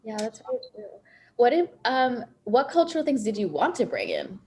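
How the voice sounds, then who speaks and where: A woman's voice: fairly high pitch, wildly swooping pitch, moderate pace, darkish tone. A woman co-hosting a podcast, asking questions in casual chat with encouraging interjections. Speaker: podcast host.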